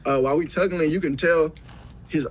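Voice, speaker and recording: With a husky, fairly high voice that stays steady and runs a little fast, a young man being interviewed tells a casual story in profane slang, performing the quoted dialogue as he goes. The recording is rough.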